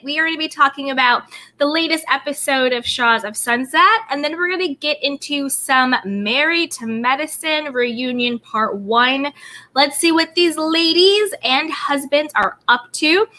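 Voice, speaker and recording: A woman's voice: sits high, a little slow, sharp tone. A woman hosting a live stream, chatting about reality TV in a bubbly way and greeting viewers by name. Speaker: YouTube host. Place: California home.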